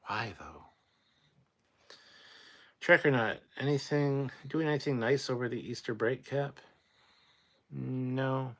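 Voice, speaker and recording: A man's voice: slow pace, pauses often. A sleep-deprived man hosting a casual late-night livestream, reading out chat and rambling in a tired, mumbling way. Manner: tired, rambling, drops to low mutters.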